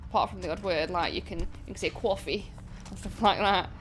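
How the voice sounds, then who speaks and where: A woman from England with a northern English accent, chatting casually with viewers while playing a game, rambling and quick to laugh. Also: on the low side, a bit bright, a little hiss or hum. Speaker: gaming streamer.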